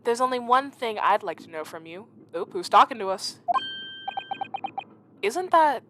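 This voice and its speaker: A woman streamer chatting excitedly while playing a game and reading its dialogue aloud. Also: a little high, measured pace, background noise. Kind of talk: casual let's-play commentary. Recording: voice over loud game music.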